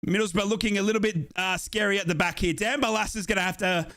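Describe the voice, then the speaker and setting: A man hosting a live match watchalong, calling the play and breaking into excited shouts at big moments. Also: sits high, fast talker. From Australia. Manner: excitable, bursts into shouting at goals. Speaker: watchalong host.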